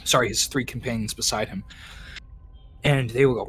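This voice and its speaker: A man's voice: mid-range voice, steady tone, normal speed, a bit bright, slight background noise. A man narrating a tabletop game as game master, rambling, with many ums and self-corrections.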